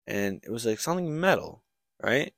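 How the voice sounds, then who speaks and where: A young man co-hosting a podcast rambles through a casual book plot recap, leaning on likes and restarts. His medium-pitched voice swings widely in pitch at a normal speed and sounds creaky and a bit bright. The studio audio is clean and echo-free.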